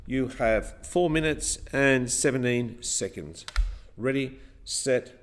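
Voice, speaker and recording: A male teacher leads a classroom rhythm lesson. He talks at an unhurried pace, and his pitch rises and falls in a lively way as he counts in and chants along with the class. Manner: chanting counts and rhymes, guiding a class step by step.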